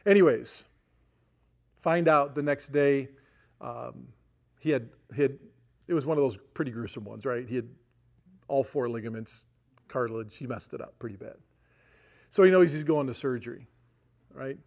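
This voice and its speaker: Middle-aged male pastor, gravelly, folksy conversational preaching style. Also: medium pitch, moderate pace, pauses often. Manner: folksy, chatty with frequent "right?" asides. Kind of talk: sermon storytelling.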